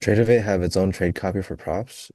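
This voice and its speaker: Clean, dry studio audio carries a fairly quick, low-voiced man's relaxed live-stream banter as he trades futures. He rambles comfortably and laughs a lot.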